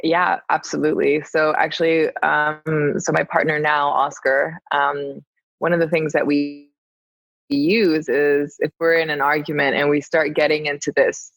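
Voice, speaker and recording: A woman telling a candid personal story in conversation, animated and laughing often. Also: sits low, unhurried, dry recording. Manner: animated, laughs often, acts out her own quoted lines. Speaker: podcast conversation partner. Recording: dull, dry lo-fi sound.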